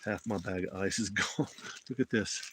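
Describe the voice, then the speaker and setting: A man's voice: fairly low pitch, normal speed, heavy background noise. A man from Alabama with a Southern accent, rambling in a folksy way as he chats with viewers on an outdoor live stream from a phone in the mountains. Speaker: motorcycle travel vlogger. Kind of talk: casual live-stream chat.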